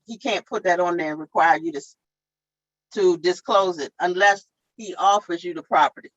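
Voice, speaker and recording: A woman's voice: lowish voice, moderate pace, a bit bright, dull audio. Woman plainly explaining renter rules. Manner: plain, repetitive, step-by-step explaining. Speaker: tenant advocate. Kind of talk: explaining tenant law at a town hall.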